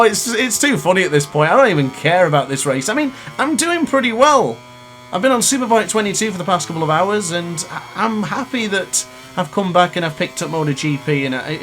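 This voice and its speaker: A man's voice: on the high side, fairly bright tone. A man in his late twenties commentating his own racing game live, ranting in frustration between exasperated laughs. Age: 20s. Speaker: gaming YouTuber.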